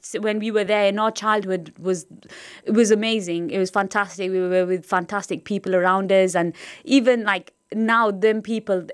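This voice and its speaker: A woman from Blackburn with a Lancashire accent, a comedian chatting as a guest in an interview, laughing often and using lots of fillers. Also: medium pitch. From Blackburn, England. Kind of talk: casual interview chat.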